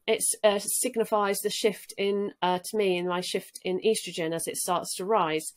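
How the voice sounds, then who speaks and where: Earnest woman explaining gently. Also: mid-range voice, fairly even intonation, moderate pace, few pauses. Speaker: guest. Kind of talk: casual interview talk.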